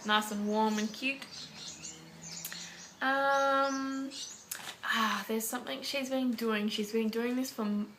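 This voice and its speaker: A woman with an Australian accent talks at an unhurried pace in a casual chat to camera, her bright, forceful voice moving over a faint hiss behind her. She rambles along with plenty of fillers and loose asides, the way a parenting vlogger fills an update. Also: a little high, fairly even intonation. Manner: chatty, rambling with many fillers.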